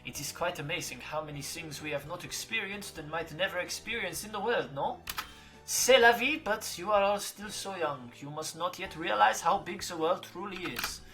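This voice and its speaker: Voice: mid-range voice, a bit bright, soft background music, close to an everyday voice. A gamer voicing a flamboyant French woman teacher with a put-on French accent and theatrical delivery. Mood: musing. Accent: fake French. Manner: theatrical, dramatic pauses.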